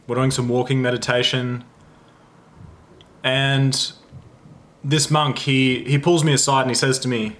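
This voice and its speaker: A young Australian man and holistic lifestyle coach telling a story to camera in a chatty, animated way, often restarting his sentences. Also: mid-range voice. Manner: animated, self-interrupting, chatty.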